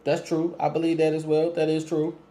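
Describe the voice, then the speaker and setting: A man hosts a casual call-in talk show in a slightly high, mellow voice. He speaks to listeners and callers directly, fills gaps with ums, and keeps a polite but firm tone. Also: monotone, brisk. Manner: laid-back, lots of ums, asks listeners questions. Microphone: streaming setup with cameras.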